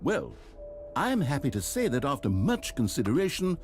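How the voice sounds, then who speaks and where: A man's voice: on the high side, wildly swooping pitch, normal speed, soft background music. A man voicing a smug, sarcastic video game narrator with dry, mock-grand delivery.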